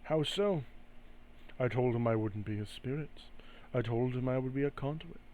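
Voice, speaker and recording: A man voicing a scheming spirit bound to a cube that offers deals, speaking slowly and smoothly in a coaxing way. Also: medium pitch, darkish tone, a little hiss or hum, natural voice. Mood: reasoning.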